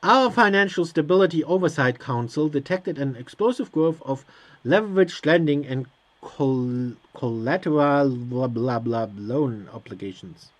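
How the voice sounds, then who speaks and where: A man's voice: mid-range voice, expressive, a little slow. A man hosting a let's play, reading on-screen game text aloud and answering it with hesitant, sarcastic asides. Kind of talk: casual gameplay commentary.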